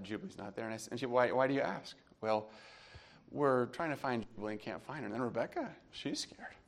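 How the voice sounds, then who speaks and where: A man preaching a sermon as a pastor, telling a personal story with strong emotion, dropping to hushed tones and rising to loud outbursts. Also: medium pitch, vocal fry.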